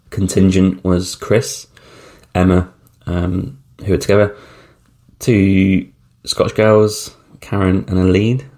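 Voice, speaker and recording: Male podcast host, 30s, low and gravelly, loose slangy solo storytelling. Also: a little mellow. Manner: rambling, chatty, frequent ums, blunt slang. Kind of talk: casual solo travel storytelling.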